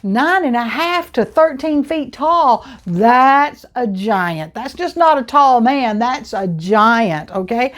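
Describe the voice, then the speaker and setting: Animated woman telling a children's Bible story. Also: on the high side, slow, few pauses. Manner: animated, exclamatory.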